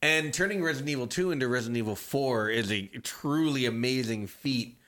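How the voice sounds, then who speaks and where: Bright-voiced enthusiastic podcast co-host man. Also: medium pitch, fairly quick. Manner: enthusiastic, emphatic, swears. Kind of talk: casual podcast chat.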